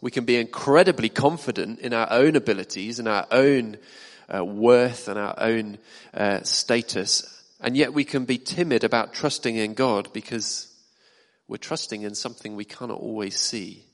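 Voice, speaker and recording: A man's voice: mid-range voice, normal speed. A man preaching a sermon in a church hall, talking conversationally and asking the congregation questions. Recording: long reverb of a hall.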